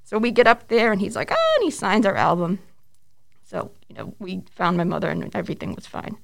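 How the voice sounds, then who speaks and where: A lively woman in her forties spins animated anecdotes as an interview guest. She acts out each quote and laughs as she goes, at an ordinary middle pitch. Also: fairly quick, creaky. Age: 40s. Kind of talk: casual storytelling interview.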